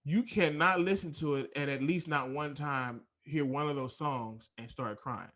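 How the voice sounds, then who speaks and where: A man's voice: on the high side, fairly bright tone. A man hosting a podcast, making his points in an earnest, emphatic way during a casual chat. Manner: earnest, emphatic, talks in quick bursts. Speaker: podcast host. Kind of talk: casual conversation.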